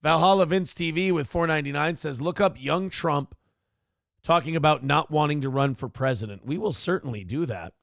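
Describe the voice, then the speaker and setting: A man's voice: fairly high pitch, gravelly, no echo, studio quality. A man hosting a live-streamed morning talk show, ranting profanely about politics and thanking viewers for donations. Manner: loud, profane, worked-up ranting. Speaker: livestream talk show host.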